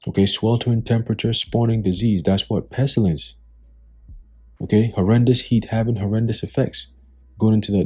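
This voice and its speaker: A man's voice: fairly low pitch, mellow, husky. A man giving scornful, preachy commentary on the news and reading scripture, swearing freely. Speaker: religious commentator.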